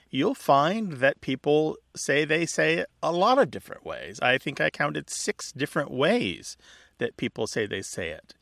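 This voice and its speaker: A man with a gravelly, middle-pitched voice co-hosts a radio show about words. He explains word usage in a chatty, easygoing way and laughs often. His voice sounds dry and close to a studio mic. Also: a bit bright, dry recording. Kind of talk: casual radio talk about language.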